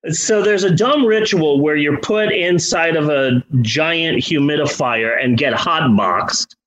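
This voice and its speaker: A man's voice: on the high side, takes it slowly, a bit bright, muffled recording. A man co-hosting a podcast in casual chat, ranting with exasperation and plenty of swearing. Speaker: podcast co-host.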